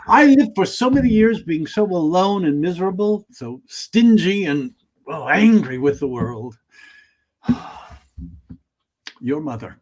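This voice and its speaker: An actor playing a reformed old miser, Scrooge, who stammers, giggles and gets emotional in a comic holiday play. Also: male voice, a little high, darkish tone, full character voice, poor audio.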